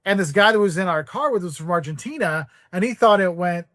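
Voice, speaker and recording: A man, a podcast guest, telling casual travel anecdotes in an animated way, acting out the voices of the people in them and using "like" a lot. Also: sits high, fast talker. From United States. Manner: animated, acts out quoted voices, heavy use of "like".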